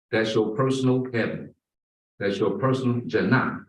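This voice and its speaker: A man's voice: medium pitch, fairly even intonation. A man delivers a Friday sermon in a mosque prayer hall, stretching out the words he wants to land. His voice rings with roomy echo and sounds set back from the microphone. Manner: emphatic, slow and drawn-out on key words. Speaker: imam. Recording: roomy echo, far from the mic.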